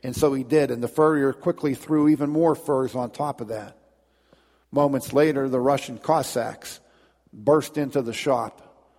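A man's voice: mid-range voice, steady tone, a little slow, darkish tone. A male pastor telling a story during a sermon to his congregation, with restarts and growing emphasis. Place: church sanctuary. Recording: long church reverb.

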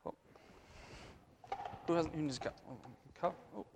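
A man's voice: on the high side, normal speed, vocal fry, background noise. Man, children's sermon leader, coaxing kids through a skit, church sanctuary, long reverb. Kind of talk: children's message at a church service.

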